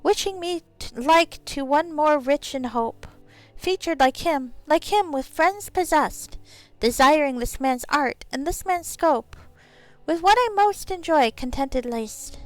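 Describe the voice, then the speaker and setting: A woman's voice: high voice, lively intonation, measured pace, no echo, soft background music, poor audio. A woman voicing a tiny female pixie with a sing-song, theatrical delivery.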